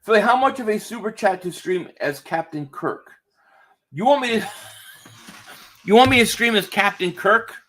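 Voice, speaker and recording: A high, bright man's voice that is loose and excitable. He calls football plays and answers viewer chat in a casual live-stream reaction, with a swear now and then. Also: normal speed, pauses often. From Philadelphia area. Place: home, indoors.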